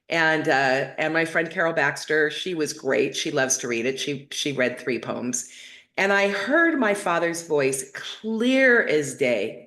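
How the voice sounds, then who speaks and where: A woman's voice: low voice, a bit bright. A middle-aged woman hosting her own show, telling a story to her viewers in a chatty, rambling way with many fillers and restarts. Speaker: host of a spiritual talk show.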